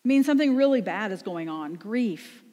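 A woman's voice: medium pitch, animated, moderate pace, warm tone. Woman pastor, conversational sermon, mid-range voice, long room reverb. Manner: conversational preaching with rhetorical questions.

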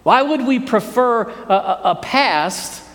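A man preaching a sermon in an animated, folksy way, often asking his congregation questions. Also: extremely high pitch, takes it slowly. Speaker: pastor. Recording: long hall reverb.

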